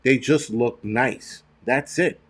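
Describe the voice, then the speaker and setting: A man's voice: mid-range voice, slow, breathy edge. A man hosting a casual livestream, ranting bluntly with lots of swearing and rambling restarts. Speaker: host.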